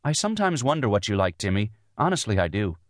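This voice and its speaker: A man's voice: fairly low pitch, big pitch swings, quick pace, no echo, clean studio sound, voice pushed up. A man narrating an audiobook voices a tense young wife and mother, earnest and insistent as she pleads her case. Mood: earnest, pleading. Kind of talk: audiobook dialogue.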